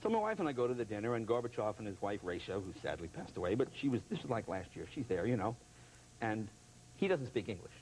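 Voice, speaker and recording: A man telling a comic story as a talk show guest, animated and laughing, with lots of voices and sound effects. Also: lowish voice, fast. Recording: noisy television studio audio.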